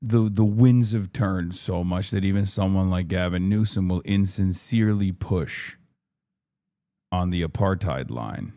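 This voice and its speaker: A man's voice: low voice, a little slow, warm tone. A man hosting a livestream, ranting in frustrated, profane political commentary. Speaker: livestream host.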